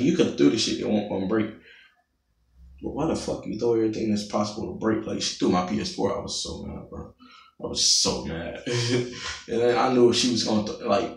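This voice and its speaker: A young man with a gravelly, creaky voice tells a story full of cursing for his vlog. His voice sits at an average pitch, and the sound is roomy, picked up from some distance. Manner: profane, animated storytelling. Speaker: vlogger.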